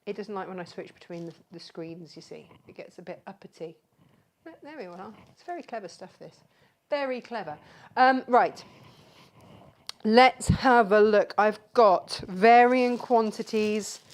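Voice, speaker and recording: A woman's voice: medium pitch, a little slow. Woman, live craft show host; talkative, rambling, friendly roll-call of viewers. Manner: chatty and rambling, greets viewers by name. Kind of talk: live craft demonstration chat.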